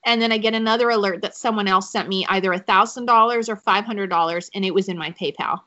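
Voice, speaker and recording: A woman's voice: mid-range voice, fast, pushed and bright. Woman in her 30s sharing a faith testimony on a podcast, gets choked up, a bit dull sounding audio. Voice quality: emotional, choking up at times. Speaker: podcast guest.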